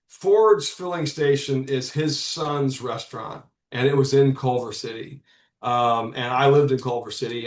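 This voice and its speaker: A mid-range male voice in a reverberant space belongs to a comics publisher in his fifties. On a casual podcast, he tells rambling stories, frequently starting over and cursing here and there.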